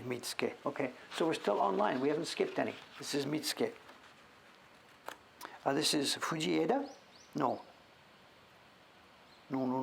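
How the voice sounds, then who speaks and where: A man hosting a casual show-and-tell, thinking aloud as he sounds out names, sometimes dropping to a whisper and breaking into excited praise. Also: medium pitch, gravelly, slight background noise. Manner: drops to whispers now and then. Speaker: host.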